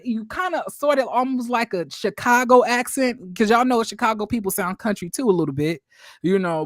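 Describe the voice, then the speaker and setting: A man's voice: very high-pitched, fairly bright tone, dry recording. Gossipy guy recapping reality tv for his viewers, lots of likes and y'alls, sassy, dry close sound. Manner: chatty and gossipy, addresses viewers as y'all, full of likes and you-knows; sassy, throws shade. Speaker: YouTube commentator. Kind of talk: casual reality-TV recap commentary.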